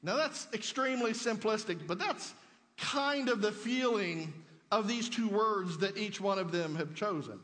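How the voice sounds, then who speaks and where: A man's voice: high-pitched, a little slow, a bit bright, in a large hall. A man preaching a sermon in a conversational way, asking the congregation rhetorical questions. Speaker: pastor.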